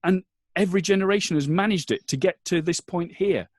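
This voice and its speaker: A man's voice: sits high, fairly quick, no room sound, clean studio sound. A man, a father, talking as a podcast guest, earnest and rambling with lots of restarts, emotional at times. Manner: emotional, choking up. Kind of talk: casual interview chat.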